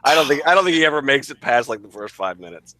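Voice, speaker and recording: A man's voice: medium pitch, big pitch swings, fast, very noisy. A man co-hosting a podcast, rambling and teasing, with frequent restarts. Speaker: podcast co-host. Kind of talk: casual podcast banter.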